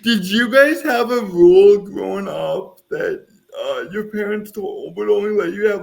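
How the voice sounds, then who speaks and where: A man in his thirties from the American Midwest talks with a notably high, gravelly voice. He chats loosely on a podcast, wandering through his stories and joking at his own expense. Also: expressive, a little slow, a little mellow. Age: 30s. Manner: chatty, rambling, self-mocking. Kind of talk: casual podcast chat.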